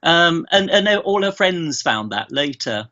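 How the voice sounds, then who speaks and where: A man's voice: fairly high pitch, lively intonation, measured pace, sharp tone, dull audio. A middle-aged man, a guest on a podcast, telling family anecdotes in a rambling way with many restarts. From England. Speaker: guest, bereaved father. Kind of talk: remote podcast interview.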